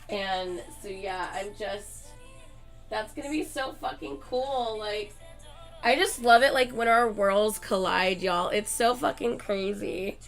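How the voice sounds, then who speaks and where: A woman hosting her channel in a casual chat with viewers, excitable and gushing like a fan, swearing often and filling her talk with "like.". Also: medium pitch, creaky. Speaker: channel host chatting with viewers.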